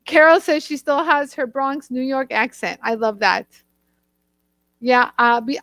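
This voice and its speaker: A woman from the northern U.S. hosts a jewelry tool livestream, gushing, bubbly and chatty with her viewers and frequently laughing. She speaks at a measured pace in a high, fairly bright voice, and the recording is dry and close, with no room around it.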